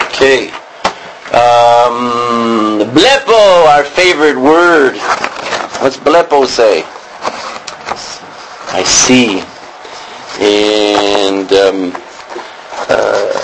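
Seorang pria mengajar kosakata Yunani di kelas dengan santai, sering tertawa dan bercanda. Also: male voice, mid-range voice, expressive, noisy background. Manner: jokey, laughs often, drawn-out words. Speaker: Greek teacher. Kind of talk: casual classroom teaching.

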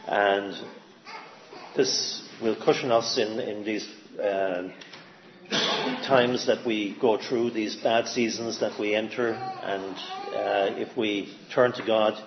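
A man's voice: on the low side, fairly even intonation, roomy sound. Guy giving a sermon, lots of uhs and restarts, faint room hum behind. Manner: halting, many fillers and restarts. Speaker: lay preacher. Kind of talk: informal sermon. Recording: dull lo-fi sound with faint ambience.

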